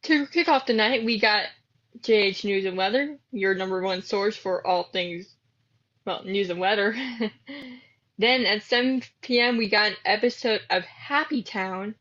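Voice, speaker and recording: A woman's voice: medium pitch, a little slow, a bit bright, dull audio. A woman reading out a mock TV channel's evening schedule in a casual, chatty way.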